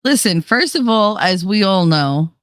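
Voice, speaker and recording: At a medium pitch and a slightly slow pace, a middle-aged woman hosts an informal livestream expressively, reading viewer comments, chatting, laughing frequently and swearing freely. The studio sound is clean and echo-free.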